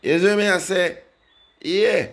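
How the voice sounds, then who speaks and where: A young Jamaican-accented man reviews a song for his viewers as a music reaction vlogger, rambling casually and animatedly in patois while speaking to them directly. His voice is high and slow, set against heavy background noise.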